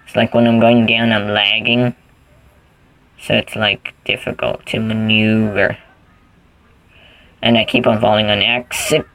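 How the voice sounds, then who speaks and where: Male gamer, casual commentary, goofy rambling; low-pitched and gravelly. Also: level tone, a little slow, pauses often, a bit bright, rough recording. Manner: rambling, goofy, thinks aloud while playing. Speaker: gaming channel host.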